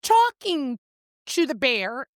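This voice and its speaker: A woman's voice: high-pitched, slow pace, dry recording, studio quality. A woman co-hosting a casual book chat podcast, retelling the plot with acted-out lines and frequent laughs. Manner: animated storyteller, acts out lines, laughs often. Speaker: podcast co-host.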